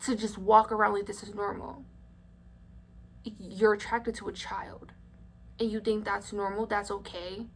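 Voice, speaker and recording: A young woman vlogging in an indignant, outspoken voice. She talks bluntly at a middling pitch and swears freely, with a faint hum of room noise behind her. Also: flat delivery, measured pace, long pauses. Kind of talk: story time vlog.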